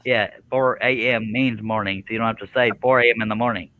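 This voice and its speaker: A man's voice: fairly low pitch, steady tone, fast, narrow, tinny audio, slight background noise. A man hosting a casual live stream, joking and mocking himself as he rambles. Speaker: host of a woodworking live stream.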